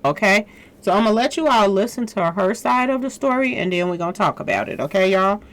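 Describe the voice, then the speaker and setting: Lady vlogger greeting her viewers, mid pitch, chatty. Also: animated, fairly quick. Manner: chatty, says y'all a lot. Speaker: channel host. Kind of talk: casual commentary vlog.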